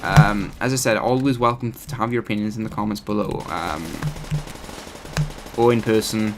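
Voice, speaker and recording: A man's voice: fairly low pitch, normal speed, noisy background. A man hosting his gaming channel, giving rambling, chatty live commentary over his gameplay and often correcting himself.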